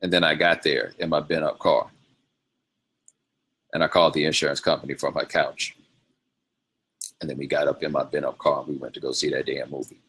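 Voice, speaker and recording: A man's voice: rumbling low, flat delivery, a little fast, long pauses, a bit bright, breathy edge. A man hosting his own show, telling loose, rambling stories in a casual, slangy way with frequent laughs. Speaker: podcast host. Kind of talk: casual storytelling monologue.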